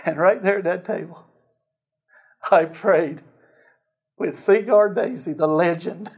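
A man preaching, telling a personal story in a sermon with lively acted-out dialogue and frequent chuckles. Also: high voice, takes it slowly, slightly rough. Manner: animated storyteller, acts out dialogue, chuckles often.

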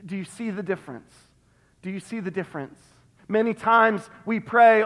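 A male pastor delivering an emphatic sermon, repeating phrases and dropping to a hush on key words, recorded in a church sanctuary. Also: sits high, moderate pace. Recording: long reverb of a church hall.

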